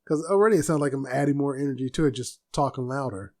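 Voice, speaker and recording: A soft-spoken man hosting a casual solo podcast from a room at home, rambling with restarts. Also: mid-range voice, fast talker. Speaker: podcast host.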